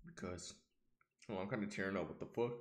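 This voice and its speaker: A young man streaming reaction commentary, profane and excitable, talking straight to his chat. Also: deep voice, a little fast.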